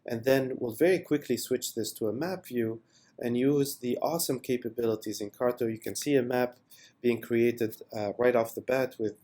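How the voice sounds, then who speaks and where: A man presenting a software product demo in an unscripted voice-over, enthusiastic and with many fillers. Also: mid-range voice, steady tone, moderate pace.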